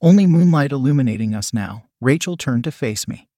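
A man reading a first-person story aloud in a steady, even manner. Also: medium pitch, a little fast, dry recording, studio quality. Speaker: audiobook narrator.

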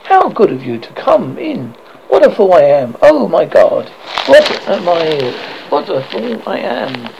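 A man's voice: high-pitched, huge pitch swings, unhurried, gravelly, highs cut off, background noise, exaggerated voice. A man voicing a shaken, nervous young male student in a horror story reading, jittery and self-reproaching.

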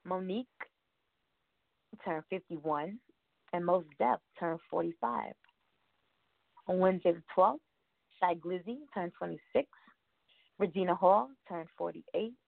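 A woman's voice: lowish voice, measured pace, gravelly, long pauses, no echo. A woman hosting a radio show, chatting casually in a rambling way and laughing often. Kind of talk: casual show chat reading birthdays. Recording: tinny phone-like line, dry.

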